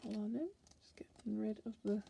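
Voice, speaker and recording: A woman's voice: mid-range voice, level tone, brisk, creaky, mellow, slight background noise. A woman tarot reader chatting casually through a card deck, playful and giggly.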